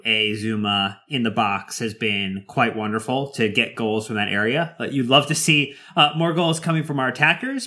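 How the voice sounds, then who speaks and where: Bright-voiced enthusiastic male co-host. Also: lowish voice. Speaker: podcast co-host. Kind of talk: casual podcast chat.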